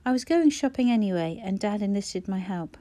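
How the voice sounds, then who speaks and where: A woman's voice: medium pitch, lively intonation, a little fast, warm tone, close to an everyday voice. A woman voicing a polite, considerate young man in a storybook. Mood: earnest. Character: kind, helpful young man, earnest.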